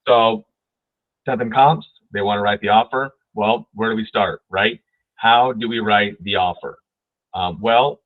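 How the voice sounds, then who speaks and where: A man's voice: lowish voice, no echo. Emphatic male broker on a tinny line. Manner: emphatic, keeps asking "right?". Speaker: real estate broker and trainer. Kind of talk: training webinar. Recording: tinny phone-like dry audio.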